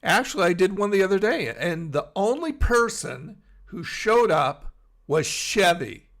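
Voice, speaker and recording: This middle-aged live streamer chats casually from his bed at home, reading the chat aloud and rambling as he responds to viewers by name. His high-pitched voice is sing-song, unhurried, and a bit bright.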